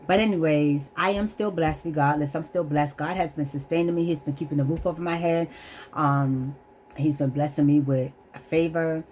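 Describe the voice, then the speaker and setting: Vlogger, woman, middle-aged, low voice, earnest and emotional, near tears, faint background noise. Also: steady tone, normal speed, darkish tone. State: holding back tears. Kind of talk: candid personal testimony to camera.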